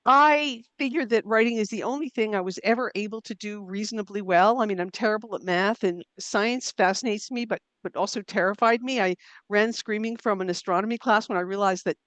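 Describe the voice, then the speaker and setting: A woman's voice: medium pitch, a little fast, a bit bright, dry recording. Thoughtful woman guest, dry close sound. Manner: thoughtful, self-deprecating, frequent fillers and restarts. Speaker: author and writing coach, guest. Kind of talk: conversational interview.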